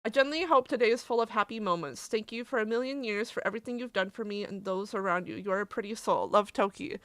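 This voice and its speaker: A woman's voice: medium pitch, fast talker, a bit bright, no room sound. A woman streamer chatting casually on a livestream and reading messages aloud, candid and emotional, swearing and laughing easily.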